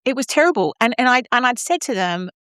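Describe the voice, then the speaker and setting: A middle-aged Australian woman co-hosting a podcast, telling backstage stories in an animated, blunt way. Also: a little high, quick pace, no room sound, clean studio sound. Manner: animated storyteller, mimics voices, swears freely. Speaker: podcast co-host. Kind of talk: casual chat.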